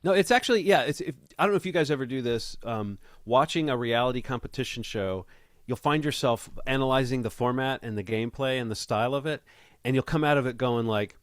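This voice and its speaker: A man's voice: medium pitch, fast talker, no room sound, studio quality. A man from the United States co-hosting a podcast in casual chat, talking in a rambling, wry way full of restarts. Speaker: podcast co-host.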